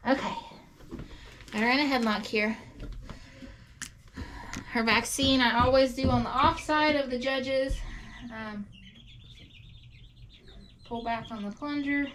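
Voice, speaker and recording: In a casual how-to farm vlog, a woman who raises goats rambles chattily through goat care in a barn feed room. She speaks slowly in a high, fairly bright voice, pausing often, while farm noise and clucking chickens fill the recording.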